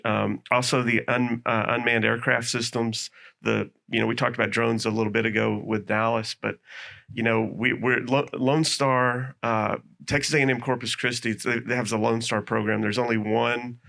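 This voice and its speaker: A man speaking on a panel as an airport official, halting and stammering. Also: medium pitch, level tone, gravelly, bright, forceful tone. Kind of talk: panel discussion.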